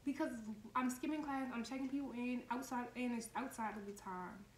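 A woman's voice: on the high side, fairly quick. A woman in her twenties telling a heated, profane story in a casual vlog. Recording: echoey room, faint background noise.

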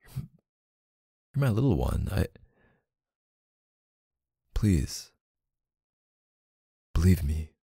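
A young man speaking softly and hesitantly in a whispered role-play, as an affectionate boyfriend. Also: sits low, big pitch swings, drawn-out words, gravelly, long pauses, husky, no echo, studio quality. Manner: soft-spoken, hesitant, affectionate. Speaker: ASMR boyfriend roleplay creator.

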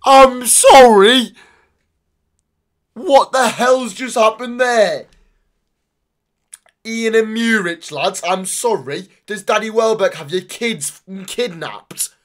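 A young man commentating his own football video game, swinging between excited shouts and low mutters, swearing freely. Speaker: gaming YouTuber. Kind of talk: live gameplay commentary.

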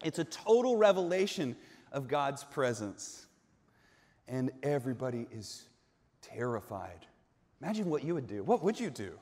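A man pastor preaching a sermon as a vivid storyteller, moving between hushed tones and shouting, in a large church sanctuary. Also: a little high, sing-song, moderate pace. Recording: long reverb in a large sanctuary.

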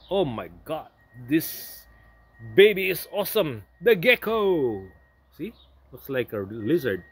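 A man casually unboxing a product, reading the label aloud and breaking into excited asides, at home in New Zealand. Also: a little high, slightly rough. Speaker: unboxing vlogger.

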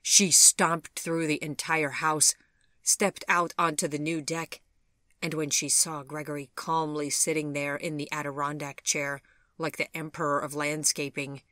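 Woman, audiobook narrator, low voice, slow, measured, dry close recording. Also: little pitch movement, pushed and bright, dry recording. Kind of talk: storybook narration.

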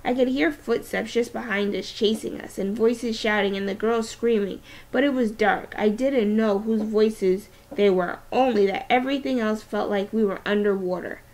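A woman teacher reading a novel aloud, expressive and with small restarts. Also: mid-range voice, moderate pace, few pauses.

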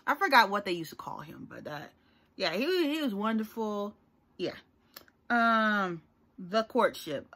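A woman's voice: mid-range voice, fairly bright tone. A young woman talking casually to her viewers in a rambling, chatty vlog. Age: young adult. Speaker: YouTuber.

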